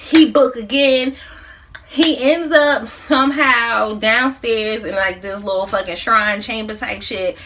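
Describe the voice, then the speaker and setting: A woman's voice: a little high, takes it slowly, a bit bright. A woman in her thirties, a mukbang vlogger, casually recapping a movie plot while she eats, in a loose, profane, slangy way.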